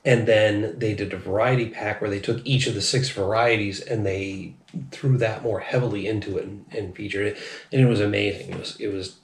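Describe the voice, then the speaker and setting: A man's voice: lowish voice, fairly even intonation, a little fast. A man hosting a casual beer review, tipsy and rambling, swearing and laughing as he talks. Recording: echoey room.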